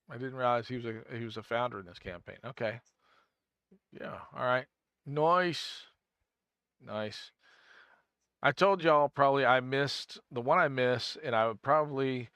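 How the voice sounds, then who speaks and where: Here a man with a medium-pitched, sharp-toned voice talks through a game on a live stream, recorded at studio quality without echo. He rambles casually, responds to chat, and thinks out loud, frequently starting his sentences over.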